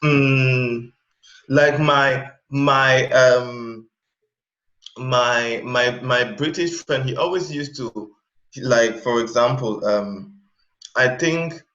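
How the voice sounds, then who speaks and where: A man speaking as an interview guest in casual chat, pausing to search for examples mid-sentence. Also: mid-range voice, a bit bright. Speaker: interview guest, language learner. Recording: echoey, dull sound.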